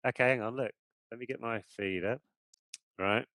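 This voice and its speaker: A man's voice: medium pitch, normal speed, fairly bright tone, no room sound, clean studio sound. A man co-hosting a podcast in casual chat, jokey and bantering. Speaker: podcast co-host.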